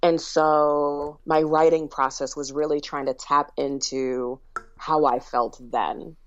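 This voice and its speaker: A woman's voice: sits low, fairly even intonation, slow pace, dry recording, muffled recording. A woman who is an author, talking as a podcast guest in a reflective way and laughing often. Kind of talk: interview conversation. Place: lives in Michigan.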